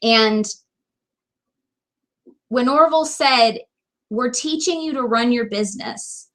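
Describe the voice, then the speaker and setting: Speaking straight to camera, a woman who leads a direct sales team gives an earnest, emotional pep talk. Her voice is a little high and a bit bright.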